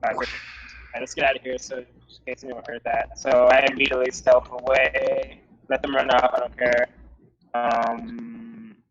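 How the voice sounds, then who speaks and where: A man playing a tabletop game, thinking his moves through out loud. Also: medium pitch, completely flat delivery, moderate pace. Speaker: player. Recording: dull lo-fi mic with faint music.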